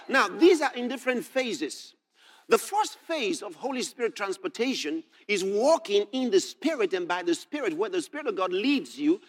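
A man preaching a sermon, explaining scripture verse by verse, often checking "all right?" and rising to shouts as he reads. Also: sits high. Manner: animated, rising to shouts when reading scripture.

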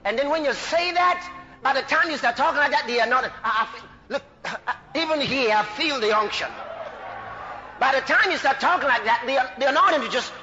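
A man preaching a sermon, animated, breaking into shouts of hallelujah and laughing between phrases. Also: very high voice, dull audio.

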